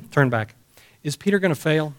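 A man preaching a sermon in an emphatic way, repeating key phrases and asking the congregation rhetorical questions. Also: fairly high pitch. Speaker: pastor. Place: church service.

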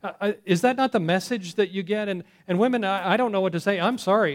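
Man, pastor, sermon, conversational, asks the room questions, somewhat high voice. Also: fast talker, hardly any pauses. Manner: conversational, self-correcting, asks the congregation questions.

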